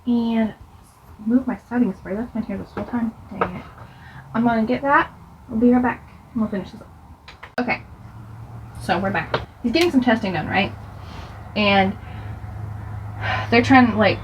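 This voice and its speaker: A woman's voice: a little high, highs cut off, slight background noise. A young woman chatting through a get-ready-with-me storytime as she does her makeup, rambling with laughs and asides. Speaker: beauty vlogger.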